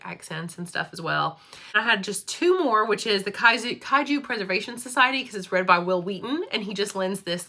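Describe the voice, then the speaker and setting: A woman's voice: lowish voice, sharp tone. A woman, chatting casually about books and laughing often. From Kentucky, USA. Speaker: school librarian and book vlogger. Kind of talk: casual chat.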